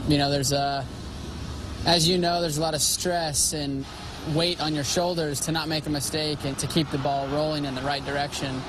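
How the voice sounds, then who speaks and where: A man answering interview questions in a halting, thoughtful way, recorded outdoors. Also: a little high. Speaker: interviewed racer. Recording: outdoor clip with vehicle noise.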